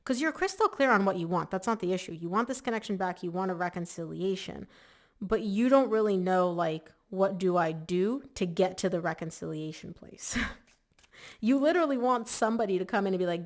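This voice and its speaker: A woman's voice: medium pitch, brisk. A woman giving a casual, chatty tarot reading to camera, emphatic and full of "like" fillers. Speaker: tarot reader.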